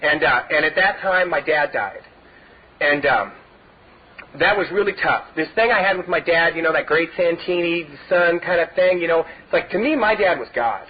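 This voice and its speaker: A middle-aged man with a high, husky voice tells his own story at a recovery meeting, rambling through it with a steady stream of "you know" fillers. The recording is dull and lo-fi, like an old tape. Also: normal speed. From Southern California. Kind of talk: personal testimony talk. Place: meeting hall.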